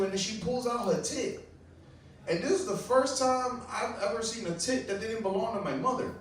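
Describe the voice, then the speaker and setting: A Puerto Rican stand-up comedian does an open-mic set in a small, echoey comedy club, recorded far from the mic. His delivery is loose and rambling, full of fillers, at a moderate pace, and his voice climbs high when he gets excited.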